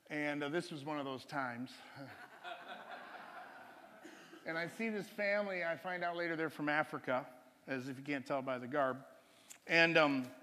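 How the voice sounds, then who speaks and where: A man's voice: on the high side, sharp tone, big-room sound. A man preaching, telling a personal testimony story in a rambling, chuckling way with many restarts.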